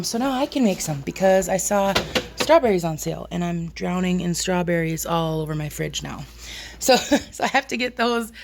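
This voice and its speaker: A woman chatting casually in her home kitchen as a homestead vlogger, talking while she works and joking about herself. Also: slight background noise. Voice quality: squeaky. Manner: chatty, self-deprecating, talks while working.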